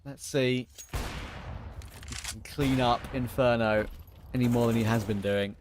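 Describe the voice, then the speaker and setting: A man doing live play-by-play esports commentary, calling the action quickly and excitedly. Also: medium pitch. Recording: broadcast with clear background noise.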